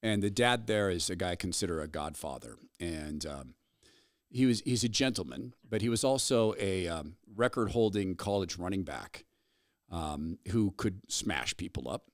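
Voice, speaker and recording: Deep-ish guy hosting his show, chatty and animated, dry sound. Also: moderate pace, dry recording. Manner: animated storyteller. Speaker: host. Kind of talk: talk radio banter.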